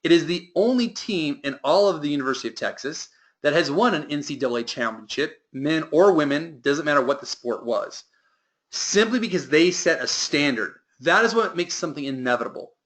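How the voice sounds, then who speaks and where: A man's voice: fairly high pitch, lively intonation, a little fast, fairly bright tone. A man giving a motivational sales training talk to a team, with emphatic delivery that lifts and drops.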